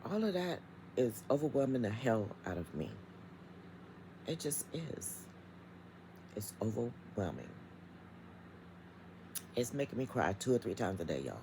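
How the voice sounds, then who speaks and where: A woman's voice: rumbling low, sing-song, moderate pace, pauses often, noisy background. A middle-aged woman vlogging from home, talking straight to her viewers in an emphatic, chatty rant. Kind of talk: casual vlog rant.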